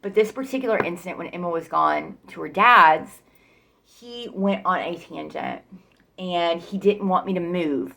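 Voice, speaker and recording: A woman's voice: fairly low pitch, normal speed, gravelly, pushed and bright. A woman telling her own story casually and bluntly, rambling and swearing freely.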